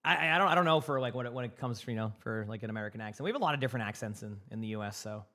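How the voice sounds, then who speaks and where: A young male streamer with a light Boston accent chats casually with his viewers. He rambles and stumbles over repeated words as he answers questions from chat. His voice sits at an ordinary middle pitch. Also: very fast, pushed and bright. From Massachusetts.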